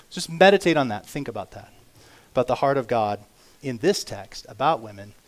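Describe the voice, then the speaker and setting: A man preaching a sermon as pastor, earnest and emphatic, swinging between loud declarations and quiet asides, slowing down to read scripture aloud. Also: medium pitch. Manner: reads scripture aloud slowly.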